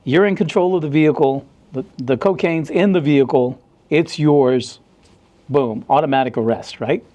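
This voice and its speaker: A middle-aged man from the United States, a former cop, tells stories in a casual interview. His voice is mellow and sits a little high for a man. He acts out the other people in the story. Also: moderate pace, lo-fi sound. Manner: animated storyteller, acts out dialogue in a raised voice. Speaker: former police officer.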